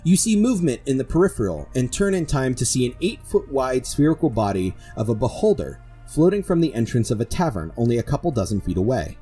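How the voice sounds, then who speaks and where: Male game master, lively measured narration, warm husky tone, faint music bed. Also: medium pitch. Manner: descriptive, measured storytelling. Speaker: dungeon master. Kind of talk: narrating a tabletop game podcast.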